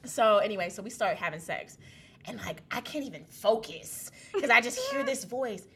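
Young woman, guest, casual animated storyteller, laughs easily, acts out the voices she quotes. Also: mid-range voice, moderate pace, breathy edge. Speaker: guest telling her testimony.

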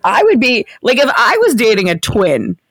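A young woman in casual chat, making animated, indignant comments. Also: fairly high pitch, normal speed, dry recording, clean studio sound. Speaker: podcast co-host.

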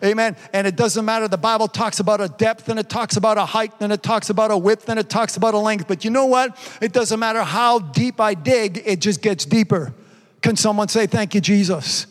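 A man's voice: high voice, fairly quick. An older man preaching a fervent sermon as pastor, constantly punctuating his points with "amen" and "praise God.". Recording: long reverb in a large hall.

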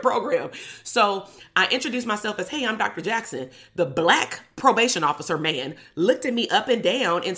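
Swearing and laughing as she talks, a young clinical psychologist from Compton, Los Angeles, tells her online followers a personal story with casual sarcasm. Her voice sits lowish and has a touch of brightness.

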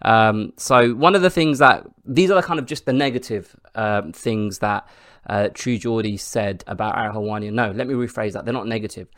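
A man's voice: on the low side, normal speed, fairly bright tone, dry recording, clean studio sound. A man hosting his own podcast, chatting casually through the week's news with lots of ums and asides. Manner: chatty, restarts often with ums and rights. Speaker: podcast host.

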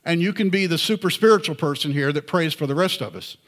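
Male preacher, bright voice, earnest and conversational. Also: fairly high pitch, quick pace. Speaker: pastor. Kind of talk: sermon.

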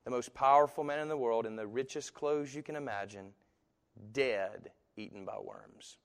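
A man preaches a sermon from the pulpit. His voice sits at an ordinary middle pitch, and he swings between quiet, drawn-out lines and loud, driving ones. The sound carries a long reverb from a large church sanctuary. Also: clean tone. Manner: dramatic swings from hushed to loud, slow emphatic phrasing. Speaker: pastor.

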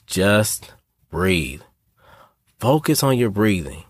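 A man's voice: lowish voice, big pitch swings, extremely slow, pauses often, dry recording. A man hosting a motivational podcast, talking earnestly and directly to his listeners and calling them y'all. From North Carolina. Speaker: podcast host.

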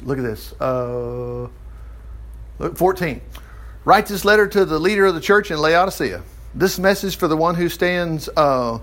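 Chatty, animated male pastor. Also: a little high. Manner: chatty, animated, acts out quotes. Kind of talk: casual Bible teaching and prayer.

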